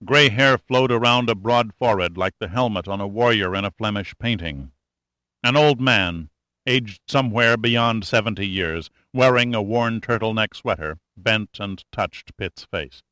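A man narrating an adventure novel as an audiobook, in a steady, measured reading. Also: fairly low pitch, dry recording.

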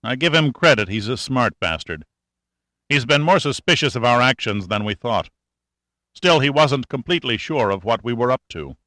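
A man's voice: medium pitch, animated, moderate pace, bright, forceful tone, no room sound. A man voicing a cool, sarcastic male adventurer in an audiobook, speaking in a dry, matter-of-fact way. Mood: explaining.

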